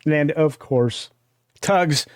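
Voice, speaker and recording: A man hosting a casual panel chat, earnest and halting, often restarting his sentences. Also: a little high, clear, resonant tone, dry recording, clean studio sound. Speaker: host.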